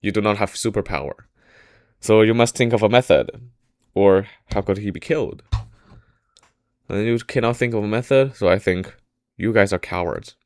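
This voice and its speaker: A man's voice: fairly low pitch, normal speed, pauses often, no room sound, clean studio sound, natural voice. A man voicing an ambitious, bold warlord who mocks the weeping ministers as cowards, in a casual storytelling style. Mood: scornful. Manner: mocking, then declaring loudly.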